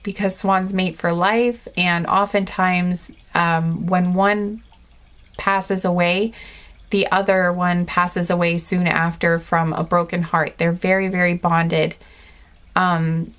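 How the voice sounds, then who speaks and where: A woman giving an intuitive pick-a-card reading, chatting gently and earnestly with lots of fillers and restarts. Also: lowish voice, flat delivery, slow. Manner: rambling, many fillers and restarts. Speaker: tarot card reader.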